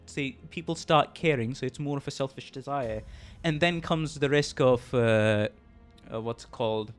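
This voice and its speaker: A male streamer talking casually and reflectively, halting often and swearing, with emotion creeping into his voice. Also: mid-range voice.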